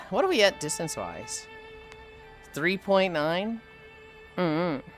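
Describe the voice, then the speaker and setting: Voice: medium pitch, big pitch swings, slow pace, faint music behind. A livestreamer chatting casually over a fishing game, swearing freely and sighing often between remarks. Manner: profane, sighs often, chatty. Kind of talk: casual gaming commentary.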